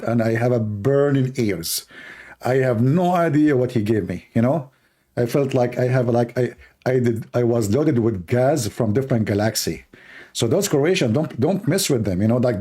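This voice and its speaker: A man hosting a live stream, talking in a rambling, joking way with halting, broken grammar. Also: medium pitch. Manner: animated, joking, teasing, with halting non-native grammar. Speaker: live-stream show host.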